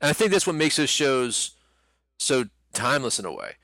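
A man's voice: mid-range voice, normal speed, no echo. A man co-hosting a casual podcast chat, talking with lots of fillers and the odd swear word. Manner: animated, swearing, frequent filler words. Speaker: podcast co-host.

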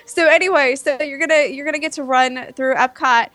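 A woman co-hosting a podcast in casual chat, chatty and quick to react. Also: sits high, fairly even intonation, a bit bright, no room sound. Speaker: podcast co-host.

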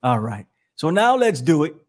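Animated, jokey male podcast host. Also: on the high side, moderate pace. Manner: animated, jokey, laughs often. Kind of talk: casual wrestling chat.

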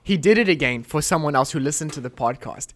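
A young man with a fairly high voice tells a faith testimony on a podcast. He speaks earnestly and with animation, acting out the prayers he recalls. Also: fast talker. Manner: earnest, animated storytelling, quoting prayers aloud. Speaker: podcast host. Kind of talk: emotional testimony in a casual chat.

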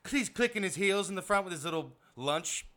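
A woman's voice: lowish voice, expressive, a little fast, fairly bright tone. A woman from Boston co-hosting a casual chat, swearing freely and teasing with a lot of laughter. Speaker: podcast co-host.

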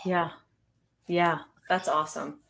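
A woman hosting a podcast interview, answering her guest with soft, unhurried affirmations. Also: fairly low pitch, flat delivery, slight background noise. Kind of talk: interview listening and reflecting.

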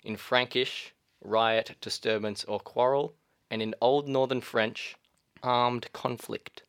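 Gravelly-voiced Australian man hosting. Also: medium pitch, steady tone, no echo. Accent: Australian English. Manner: explains etymology, drawling key words slowly. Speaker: podcast host. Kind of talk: casual word-origin chat. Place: small studio. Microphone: studio mic.

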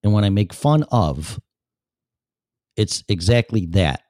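A man hosts his own talk show and answers the chat room in a blunt, sarcastic way, swearing freely. His voice sits very low and mellow. The sound is close and dry. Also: animated, takes it slowly, no echo. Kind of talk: casual solo show, reading chat aloud.

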